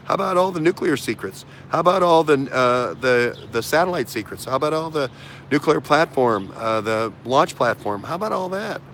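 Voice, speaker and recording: A man's voice: mid-range voice, expressive, moderate pace, fairly bright tone, slight background noise. Rambling man talking politics. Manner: rambling, repeats himself, many fillers and restarts. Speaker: host. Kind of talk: casual political talk.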